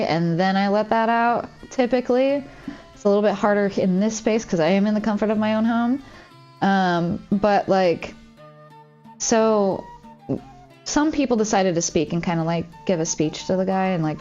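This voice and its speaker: A woman's voice: mid-range voice, darkish tone, dull audio. A woman streaming from home, chatting casually and confidingly, with lots of "like" as she rambles. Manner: rambling, heavy use of "like", open and confiding. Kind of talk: casual chat while streaming a game.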